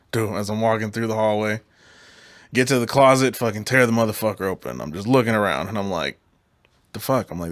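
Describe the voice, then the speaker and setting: A man co-hosting a podcast, telling an animated, profane story in a casual chat. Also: fairly low pitch, no room sound. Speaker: podcast co-host.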